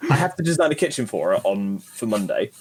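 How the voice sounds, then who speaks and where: A man's voice: on the low side, sing-song, fast talker, a little mellow, slight background noise. A man co-hosting a podcast, ranting in an exasperated, sweary way. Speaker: podcast co-host. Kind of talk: casual chat.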